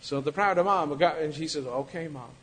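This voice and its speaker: A man's voice: fast talker, poor audio. A man preaching a sermon in a conversational way, acting out quoted lines as he goes. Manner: conversational, acts out quoted lines with shifting pitch and loudness.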